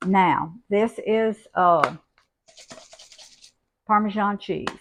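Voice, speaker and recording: An older woman, showing a home cooking recipe in a folksy, unhurried way from her kitchen. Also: medium pitch, slight background noise. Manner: folksy, unhurried, homey talk. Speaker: cooking channel host.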